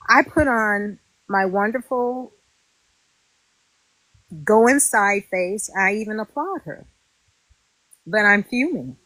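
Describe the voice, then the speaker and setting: A woman's voice: on the high side, no room sound, poor audio. Indignant woman telling her story. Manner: animated and indignant, acts out quotes. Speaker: former reality show contestant. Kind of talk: casual interview storytelling.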